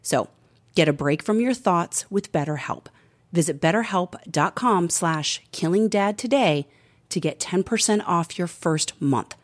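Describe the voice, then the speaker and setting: A woman with a low voice reads scripted narration and an ad in a smooth, deliberate way. Her delivery stays even and controlled, suited to a true-crime show. Music sometimes plays under her voice. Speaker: podcast host and narrator.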